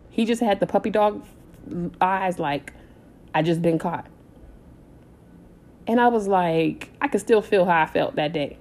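A woman in her thirties telling a personal story in a casual, animated way, blunt and swearing freely. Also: medium pitch. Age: 30s. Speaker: storytime vlogger.

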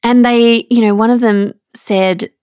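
Aussie woman in her 30s, teary and halting, candid podcast chat, dry sound. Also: a little high, fairly even intonation, darkish tone, smooth, no echo. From Australia. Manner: candid and emotional, halting with restarts. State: tearful. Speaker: podcast host. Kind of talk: personal podcast monologue.

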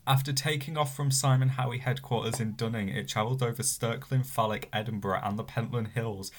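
A young man chatting casually on a podcast, hesitant and deadpan, with many fillers as he reads out news. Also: mid-range voice, a little fast, a little hiss or hum. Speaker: podcast co-host. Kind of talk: casual chat, reading news aloud.

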